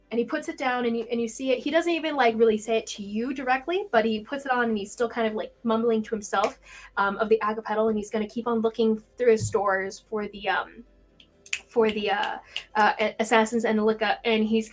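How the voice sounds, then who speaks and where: A woman running a tabletop game as game master, narrating scenes with relaxed fillers. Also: a little high, a little fast, faint music behind. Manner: describes scenes with fillers and restarts.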